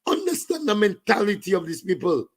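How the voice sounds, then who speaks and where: A man's voice: sits high, sing-song, fairly quick, breathy edge. A man with a Saint Lucian accent ranting about politics, slipping into Creole and French. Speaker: political commentator. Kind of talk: impassioned political rant.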